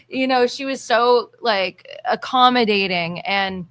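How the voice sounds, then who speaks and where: A female singer recounting a backstage story as a guest in a casual chat. Her voice is bright and crisp, and she talks with eager enthusiasm. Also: fairly high pitch, takes it slowly.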